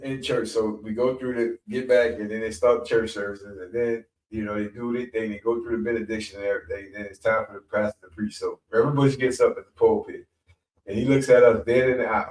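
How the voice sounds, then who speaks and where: A middle-aged man telling a story in a rambling, animated way, often repeating himself as a podcast guest. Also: medium pitch. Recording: echoey room, mic at a distance.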